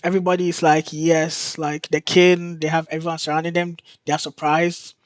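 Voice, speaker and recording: A man hosting his show, casually recapping a TV episode in an excited, storytelling way. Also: a little high, brisk, few pauses, dry recording. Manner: excited storytelling, laughs and gasps in disbelief. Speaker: host.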